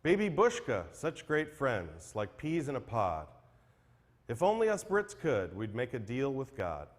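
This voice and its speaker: A man's voice: mid-range voice, huge pitch swings, a little slow. A man serving as emcee at a memorial livestream, reading tribute poems aloud with earnest, self-deprecating care, then introducing the next acts. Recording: long hall reverb.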